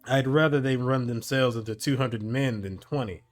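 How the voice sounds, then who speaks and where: A man doing a gruff, belligerent rifle officer. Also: mid-range voice, normal speed, lightly acted. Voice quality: rough, gruff. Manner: coarse and belligerent, growling. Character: rough scarred male rifle officer, belligerent.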